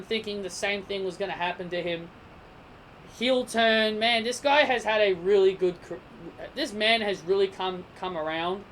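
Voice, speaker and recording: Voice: medium pitch, slight background noise. Heated, rambling wrestling reviewer. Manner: animated, gets heated and emphatic in rants; self-correcting, sidetracked chatter. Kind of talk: casual review monologue.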